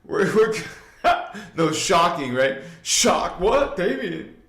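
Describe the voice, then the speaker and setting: This livestream host talks extremely slowly in a high, fairly bright voice with big pitch swings, and the sound is reverberant. Leading a live spiritual talk, he rambles with frequent fillers and asides, preaching straight to his viewers.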